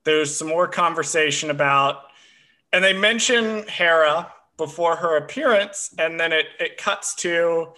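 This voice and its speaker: Here a man co-hosts a laid-back show, talking through an episode in a fairly high, slightly slow voice that sounds pushed and bright. He's talkative, describes himself as a history nerd, and fills his speech with lots of "uh"s.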